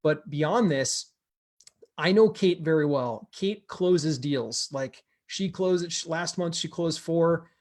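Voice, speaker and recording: A man's voice: a little high, slow, a little mellow. A man hosting an investing group, telling a member's success story with energy and repeating words for emphasis. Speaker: host of a real estate investing group. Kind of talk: motivational storytelling to camera.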